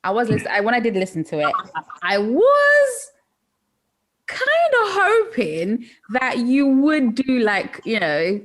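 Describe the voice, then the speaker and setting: Woman, interview host, bubbly, swooping lively pitch, faint background hiss. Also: moderate pace, hardly any pauses. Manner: bubbly, giggly, expressive. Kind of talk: casual interview chat.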